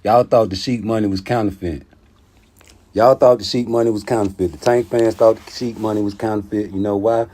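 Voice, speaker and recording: A man giving casual boxing commentary in a slangy, profane, animated way. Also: on the low side, a little fast.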